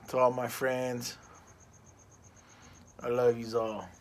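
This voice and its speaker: A man's voice: mid-range voice, little pitch movement, slow pace, darkish tone. A middle-aged man reviewing a cigar in a casual vlog, rambling and ranting with plenty of profanity.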